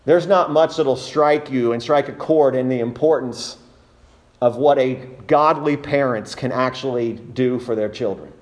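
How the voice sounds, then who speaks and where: A man's voice: medium pitch, a little slow. A man preaching an expository sermon, reading scripture and speaking earnestly and emphatically to his congregation.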